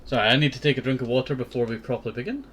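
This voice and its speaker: A man's voice: medium pitch, steady tone, racing, fairly bright tone, slight background noise. A young man hosting a gaming channel, rambling and thinking aloud in casual let's-play commentary.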